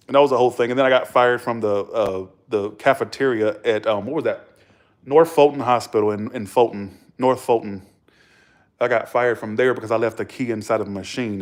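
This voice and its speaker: A man's voice: mid-range voice, normal speed. Blunt, profane man telling stories. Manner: blunt, profane, animated storyteller who acts out arguments; chuckles between remarks. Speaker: vlogger. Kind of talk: casual storytelling to camera.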